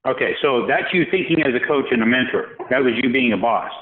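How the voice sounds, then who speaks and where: A man's voice: medium pitch, animated, fairly quick, narrow, tinny audio. A man telling a personal story in a podcast interview, acting out the voices of people he quotes. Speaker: podcast guest. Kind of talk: storytelling in a conversation.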